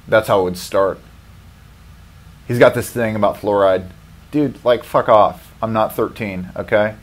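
A man's voice: on the low side, unhurried, pauses often. Profane rambling man on a comedy podcast. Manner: profane, rambling, laughs often. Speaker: podcast host. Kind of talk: casual comedic rant.

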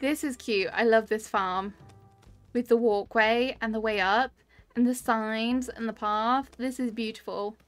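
A woman's voice: a little high, steady tone, a little slow, a bit bright, faint music behind. British woman, thirties, live-stream host; casual, giggly, reads chat aloud. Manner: chatty, laughs often, reads chat comments aloud.

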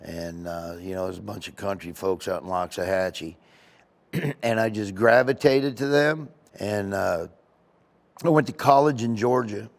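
A man, a comedian being interviewed, telling casual rambling anecdotes in an animated way. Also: on the low side, a little slow, vocal fry. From United States. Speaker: comedian guest.

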